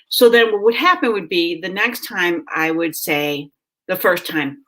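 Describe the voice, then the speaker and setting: A middle-aged woman who hosts a parenting show, telling her own story in a casual, animated way. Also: medium pitch, moderate pace. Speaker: parenting magazine host.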